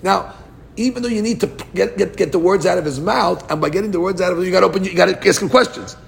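Fast-talking gravelly man teaching Talmud. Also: sits high. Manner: quick, animated, acts out the story's voices. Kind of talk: lively Talmud class.

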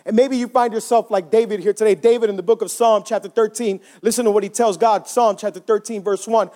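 A man preaching a sermon in a church as pastor, with an impassioned delivery that climbs high when he voices cries to God. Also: fairly even intonation, fast, hardly any pauses, dark tone.

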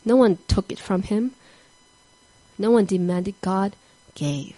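An earnest woman tells a sermon story at a middle pitch, and she sometimes sinks to a hushed whisper for emphasis. The recording is dry and close. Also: steady tone, measured pace, dry recording, low-quality recording. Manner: earnest, drops to a soft whisper on key words. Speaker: speaker giving a devotional talk.

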